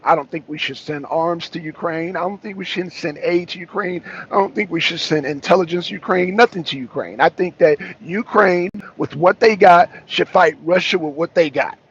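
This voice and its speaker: Husky man hosting a political talk. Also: high-pitched, moderate pace, hardly any pauses. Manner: emphatic and repetitive, with frequent restarts. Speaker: talk show host. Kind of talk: casual political talk with a caller. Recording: dull lo-fi sound.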